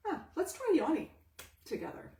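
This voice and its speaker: Animated woman teacher, echoey and distant. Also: high voice, normal speed. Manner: animated, asks and answers her own questions. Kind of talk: live-streamed teaching talk. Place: home room with a pet cat. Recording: echoey room, distant mic.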